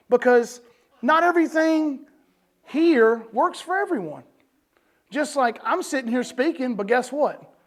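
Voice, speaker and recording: A man telling his recovery testimony to a meeting room audience in a loose, conversational way. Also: high-pitched. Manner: conversational, peppered with "you know" and "man". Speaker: recovery speaker.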